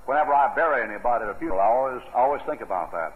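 A man's voice: medium pitch, expressive, very fast. A man preaching a sermon in a folksy, emphatic way. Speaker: pastor. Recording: tinny, echoey old radio broadcast.

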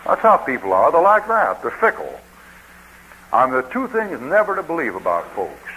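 A man's voice: medium pitch, huge pitch swings, normal speed, sharp tone, slight background noise, low-quality recording. A man preaching a sermon in a folksy, joking way, acting out what people say.

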